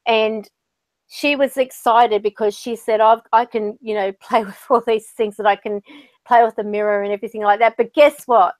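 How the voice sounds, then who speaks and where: A woman's voice: fairly high pitch, fairly even intonation, normal speed, no echo. Chatty woman medium, dry close sound. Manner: chatty, storytelling with quoted voices. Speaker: spiritual medium, channel host. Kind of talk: casual conversation.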